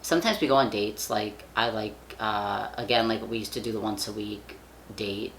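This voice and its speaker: A young man chatting casually to camera, with a gravelly, fry-edged voice that still sounds bright and forward. He rambles, leans on fillers and swears offhandedly. There's a faint hiss underneath. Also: on the low side, normal speed. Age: young adult. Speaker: vlogger. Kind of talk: casual chat.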